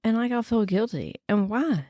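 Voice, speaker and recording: A woman's voice: on the high side, animated, moderate pace, mellow, dry recording, studio quality. A middle-aged woman co-hosting a podcast, chatting casually, laughing often and slipping into playful put-on voices. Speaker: podcast co-host. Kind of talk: casual chat.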